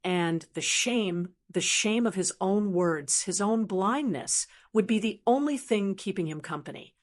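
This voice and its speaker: An older woman reading a first-person story in a measured, reflective way. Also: medium pitch, expressive. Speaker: narrator.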